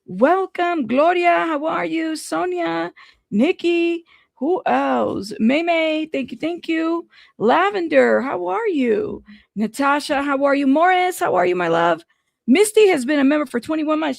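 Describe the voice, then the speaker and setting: A high-pitched woman with a heavily gravelly, fry-laden voice hosts a casual livestream, rattling off shout-outs to viewers by name. The sound is dry and close, with no room around her. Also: dry recording. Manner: chatty, greets viewers by name in quick bursts. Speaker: livestream news commentary host. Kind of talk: casual live-stream chat.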